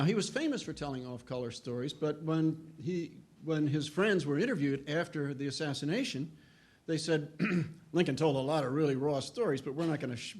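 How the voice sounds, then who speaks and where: An older man, a historian giving a humorous storytelling lecture who often clears his throat and acts out quoted voices. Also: fairly high pitch.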